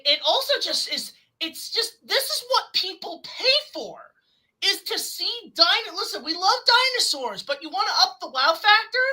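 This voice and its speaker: Excited woman doing a movie review, high pitched, super bright, swears a bit. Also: poor audio. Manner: excitable, enthusiastic, swears casually. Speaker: film reviewer. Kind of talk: casual film review chat.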